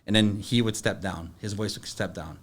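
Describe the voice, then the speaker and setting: A middle-aged man, a podcast guest, telling stories in a halting, plain-spoken way full of fillers and restarts. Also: fairly low pitch, steady tone. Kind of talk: casual storytelling.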